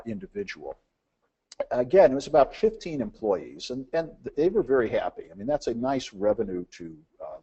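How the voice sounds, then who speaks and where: Animated storytelling man, husky and dull-sounding. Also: medium pitch. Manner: acts out dialogue in anecdotes, frequent "uh" fillers. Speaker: business presenter. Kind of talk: storytelling business presentation.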